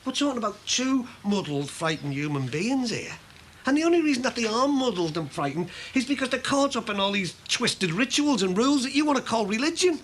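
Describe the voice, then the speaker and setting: A mouthy shopkeeper. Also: male voice, extremely high pitch, very animated, a little fast, a bit bright, a little hiss or hum, heavily acted. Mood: heated. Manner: blunt, sarcastic, ranting. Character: blunt, mouthy middle-aged male shopkeeper. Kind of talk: soap opera acting.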